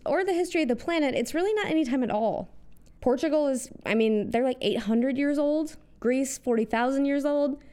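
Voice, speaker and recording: High-voiced sarcastic American woman. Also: dark tone, smooth. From United States. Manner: sarcastic, punchy asides. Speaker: host. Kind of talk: scripted comedic monologue.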